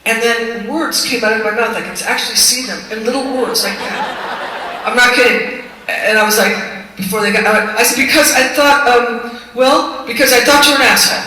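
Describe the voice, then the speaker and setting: A woman's voice: a little high, moderate pace. Woman on stage, loose self-mocking storyteller, captured from far back in a big hall with a long echo and crowd noise. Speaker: singer performing on stage. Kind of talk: comic stage monologue. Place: large concert venue, indoors. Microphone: recorded from the audience, far from the stage. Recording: distant, echoey arena recording with crowd noise.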